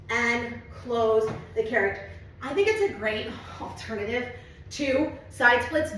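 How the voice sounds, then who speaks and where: Woman Pilates instructor, home tutorial, breathless and chatty, slightly high voice, echoey room, mic set back. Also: a bit bright, recorded from a distance. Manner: chatty, swears casually, talks to her cat. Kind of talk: casual home workout tutorial. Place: home studio with mirror.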